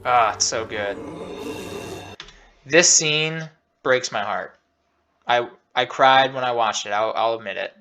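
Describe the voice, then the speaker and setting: Male host, casual clip commentary, bright and emotional, restarts often. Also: medium pitch, slow, pauses often, faint music behind. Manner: enthusiastic, emotional, rambling with restarts. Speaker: host reviewing a show scene by scene. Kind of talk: casual commentary over clips.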